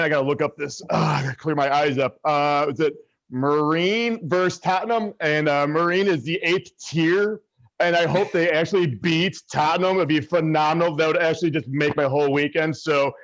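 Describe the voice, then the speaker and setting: A man who coaches soccer talks on a podcast panel in a slightly high, rambling way, stopping to correct himself. His call audio is dry and dull, with a narrow lo-fi sound. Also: fairly even intonation, fairly quick, no room sound. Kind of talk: casual roundtable chat.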